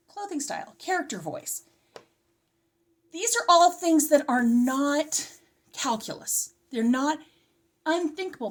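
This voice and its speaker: A middle-aged woman in a casual, chatty homeschool curriculum review, slightly out of breath and often interrupting herself. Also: fairly high pitch. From California. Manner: chatty, animated, self-interrupting. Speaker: homeschooling vlogger.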